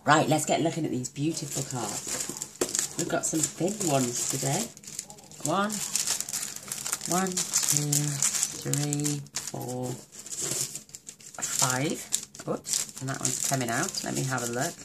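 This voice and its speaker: Gravelly, very low-voiced woman gushing. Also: slow pace, pauses often, heavy background noise. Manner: gushing, effusive, affectionate. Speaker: crafting video host. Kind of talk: casual card-opening chat.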